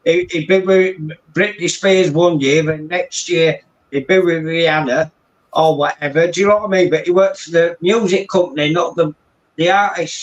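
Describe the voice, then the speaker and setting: A man's voice: a little high, low-quality recording. A middle-aged man from England, a guest telling rambling stories in casual chat and repeating "do you know what I mean".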